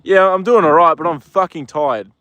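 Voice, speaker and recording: Relaxed Australian male host, casual outdoor stream chat, talks to his horse between comments. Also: a little high, moderate pace, no room sound, dull audio. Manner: easygoing, chats to his horse and reads viewer comments. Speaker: livestream host.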